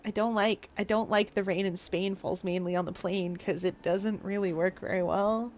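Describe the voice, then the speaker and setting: A woman's voice: medium pitch, steady tone, moderate pace, a little mellow, slight background noise. A woman streaming a game live, chatting casually in a playful, rambling, self-mocking way. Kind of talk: casual live gameplay commentary.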